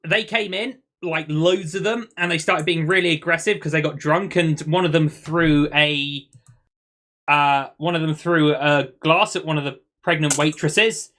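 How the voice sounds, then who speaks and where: A man's voice: fairly high pitch, fairly even intonation, unhurried, fairly bright tone. A man, co-hosting a podcast in casual banter, telling boastful, joking stories. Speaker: podcast co-host.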